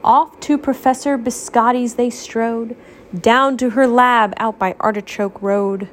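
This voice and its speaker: Mom slowly reading a rhyming picture book. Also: female voice, a little high, steady tone, slight background noise. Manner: gentle, explains words to a child. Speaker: mother reading to her child.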